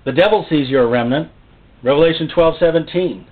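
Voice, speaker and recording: A man's voice: on the high side, fairly quick. A man preaching a sermon, emphatic and repeating phrases for stress. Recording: tinny phone-like sound.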